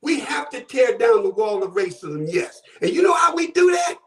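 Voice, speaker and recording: A man's voice: very high-pitched, sing-song, moderate pace, fairly bright tone, roomy sound, recorded from a distance. A man from Buffalo, New York, calling in to a talk show with fervent, preacher-like commentary, often raising his voice. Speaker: caller. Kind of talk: impassioned call-in commentary.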